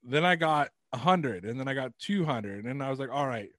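Speaking briskly in a medium pitch, this Canadian podcast guest tells rambling, animated stories peppered with swearing during a casual chat. The recording is studio quality with no echo.

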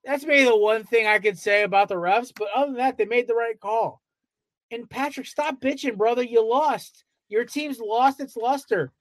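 A man's voice: very high-pitched, normal speed, dry recording. A man co-hosting a casual sports podcast, ranting in a fired-up way with heavy swearing. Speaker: podcast co-host.

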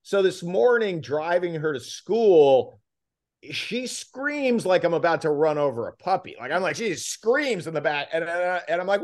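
A man co-hosting a podcast, telling a family story in a lively way and acting out the quotes. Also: sits high, moderate pace. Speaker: podcast co-host. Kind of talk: casual anecdote-telling.

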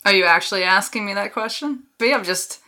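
A woman's voice: mid-range voice, fast talker, sharp tone. A woman co-hosting a podcast in casual chat, dry and playful. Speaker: podcast co-host.

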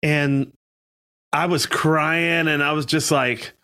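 A man co-hosting a podcast talks in a relaxed, reflective way, his phrasing loose. His voice sits a little higher than most men's. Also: slow, clean tone. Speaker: podcast co-host. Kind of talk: casual podcast chat.

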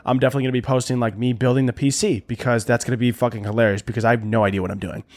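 A mid-range male voice races through a casual solo podcast rant that's profane, rambling and animated, heavy on fillers. The host comes from a half-Italian family.

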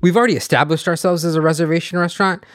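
A man's voice: fairly high pitch, steady tone, very fast, no echo, studio quality. Profane, laid-back man on a podcast. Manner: loose, profane, self-deprecating. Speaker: restaurant owner, podcast guest. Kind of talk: casual chat.

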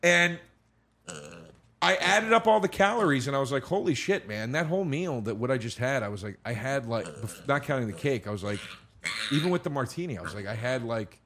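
A man's voice: mid-range voice, lively intonation, a little fast, a bit bright, a little hiss or hum. Swearing storyteller man, casual chat. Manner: storytelling, acting out dialogue, swears. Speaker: guest comedian.

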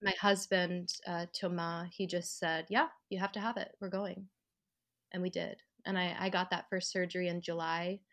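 A lowish-voiced woman speaks from her living room, recounting a hard stretch of her life. She is reflective and open, and brightens when she acts out the voices of the people she quotes. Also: level tone, moderate pace. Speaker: podcast guest, actor and writer. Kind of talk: personal storytelling in an interview.

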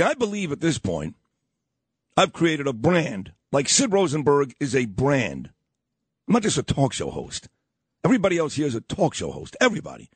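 A man, hosting morning talk radio and telling stories with lively voiced quotes. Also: medium pitch, breathy edge, dry recording. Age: 50s. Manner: animated storytelling with voiced quotes. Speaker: radio host.

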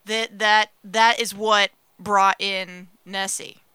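Bright, smooth-voiced sarcastic woman. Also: mid-range voice, little pitch movement, extremely slow, no echo. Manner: blunt, sarcastic, swears freely. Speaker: podcast co-host. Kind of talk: casual chat.

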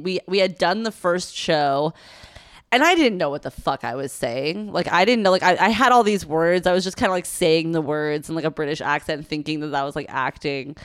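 A woman's voice: low-pitched, clean tone, dry recording, studio quality. Profane, rambling young woman storyteller. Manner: rambling, profane, animated retelling with acted quotes. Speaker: podcast co-host. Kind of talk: casual storytelling chat.

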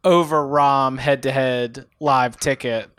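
A man's voice: mid-range voice, steady tone, slow pace, a bit bright, smooth, dry recording. A man co-hosting a casual sports podcast, making dry joking asides. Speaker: podcast co-host.

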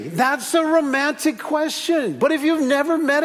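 Animated high-voiced pastor preaching. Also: male voice, moderate pace, hardly any pauses, big-room sound. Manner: animated, repeats key phrases, acts out little stories. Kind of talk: sermon.

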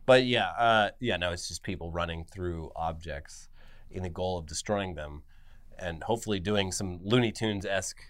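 A man co-hosting a casual news podcast, joking and sarcastic, dropping low and quiet for asides. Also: normal speed. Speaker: podcast co-host. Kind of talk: casual news chat and ad read.

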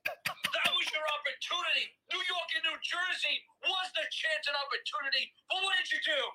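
A speaker delivering a ranting, rhyming wrestling promo full of repeated lists, sometimes shouting. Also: high voice, normal speed, low-quality recording. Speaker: fan sending a wrestling promo.

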